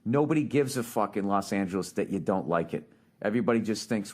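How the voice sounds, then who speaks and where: A man's voice: on the low side, animated, fast talker, no room sound. Profane ranting man, dry sound. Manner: profane, ranting, laughs mid-sentence. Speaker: podcast host. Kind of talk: casual monologue.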